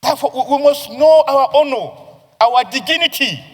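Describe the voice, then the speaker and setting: A man with a Nigerian accent, a senator giving a forceful, declamatory floor speech with repeated phrases. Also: extremely high pitch, moderate pace. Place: legislative chamber. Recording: reverberant chamber audio.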